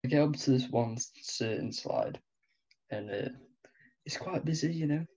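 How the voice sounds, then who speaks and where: Young British guy, slow and hesitant, husky, on a dull lo-fi recording. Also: mid-range voice, lively intonation, darkish tone. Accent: British English. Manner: laid-back, hesitant, with many fillers. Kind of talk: casual storytelling chat. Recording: dull lo-fi sound.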